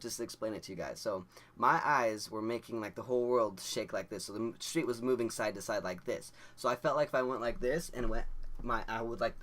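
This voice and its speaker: A young man casually telling a story to camera, rambling and excitable, with lots of "like" and frequent chuckles. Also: on the low side. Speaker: vlogger.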